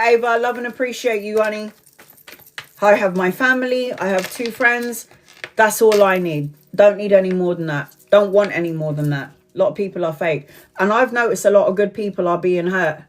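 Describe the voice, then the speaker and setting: A Brazilian woman in her forties reads tarot on a live stream in a fairly low voice, with a little hiss or hum on the audio. She's blunt and chatty, swears freely, and laughs a lot.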